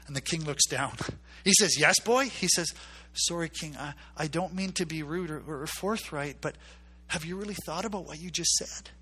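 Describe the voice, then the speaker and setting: A man's voice: on the high side, normal speed, sharp tone, husky. A man preaching a sermon, telling a story and acting out its characters' voices with emphatic repetition.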